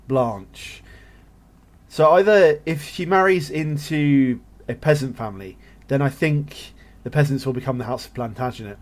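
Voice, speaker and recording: A gameplay streamer casually commentates his own strategy game, thinking aloud and cracking jokey asides. His voice is medium-pitched and a little mellow. He's at a home setup, recorded live over voice chat.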